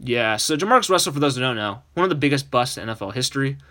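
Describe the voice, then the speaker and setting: A man's voice: mid-range voice, lively intonation, racing, sharp tone. A man hosting a sports podcast, chatting casually and laughing along with loose restarts. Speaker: podcast host.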